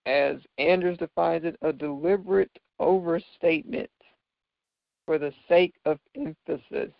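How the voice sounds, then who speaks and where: Speaking on the high side with vocal fry, this man patiently explains figures of speech found in scripture, frequently adding "right?" to make sure listeners follow. There's no room sound; the audio is dull, lo-fi and dry.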